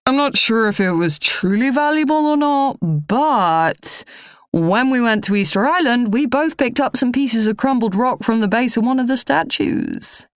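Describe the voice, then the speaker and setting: A woman's voice: a little high, animated, a little slow, clear, resonant tone, dry recording, studio quality, voice pushed up. A woman voicing an awkward, earnest young man who talks in a hesitant, rambling way. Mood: sheepish.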